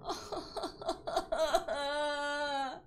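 A woman in her twenties streams a game, chatting with her viewers in a casual, playful way and laughing often. She speaks extremely slowly in a high voice with fairly even intonation, over a little hiss or hum.

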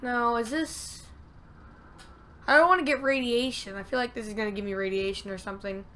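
High bright-voiced woman gaming. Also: brisk, slight background noise. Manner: excitable, talks to herself, loud frustrated outbursts. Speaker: let's play gamer. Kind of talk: casual gameplay commentary.

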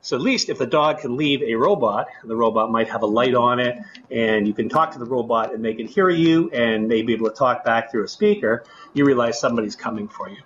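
Male researcher, plain mid pitch, relaxed and full of ums, slightly dull lo-fi audio from a lab. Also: brisk, few pauses, a little hiss or hum. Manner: relaxed, with many fillers. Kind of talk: explaining his research in an interview.

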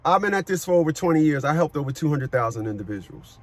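A middle-aged man who coaches people on child support, talking forcefully on a call, cursing and repeating words as he starts sentences. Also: a little high, animated, fast talker, slightly rough. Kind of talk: phone consultation with a caller.

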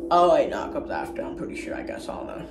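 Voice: low-pitched, wildly swooping pitch, fast talker, vocal fry, echoey room, over music. A vlogger giving a rambling, casual movie recap, often second-guessing the plot order and using slang. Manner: rambling, unsure of itself, slangy.

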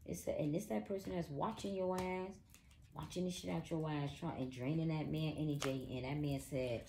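Low-voiced woman giving a profane tarot reading. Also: steady tone, moderate pace, vocal fry, dark tone, slight background noise. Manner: blunt, profane, emphatic, talks to viewer as "girl". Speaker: tarot reader. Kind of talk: casual psychic reading.

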